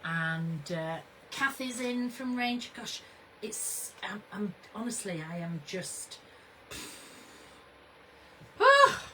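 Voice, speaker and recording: A woman's voice: medium pitch, slow, a bit bright, a little hiss or hum, poor audio. A woman hosting a casual livestream, chatty and bubbly, greeting her viewers by name. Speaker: craft brand owner hosting a livestream.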